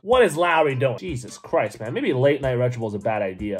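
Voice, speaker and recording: A man giving excited, rambling gameplay commentary as a gaming YouTuber, talking to himself and to his viewers. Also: medium pitch, fairly quick, slightly rough, soft background music.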